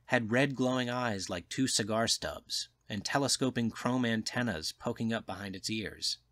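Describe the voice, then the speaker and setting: In an audiobook reading, a man voices a worldly, cynical male journalist lecturing in a knowing, slightly raised voice, with a mood of amused storytelling. His voice is medium-pitched, normal in speed, a bit bright and close to an everyday voice, recorded clean in a studio with no room sound.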